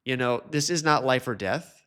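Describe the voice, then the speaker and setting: A man hosting a solo podcast, talking casually and chattily, now and then mimicking others in a high mocking voice. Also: moderate pace, fairly bright tone, clear, resonant tone. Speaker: podcast host.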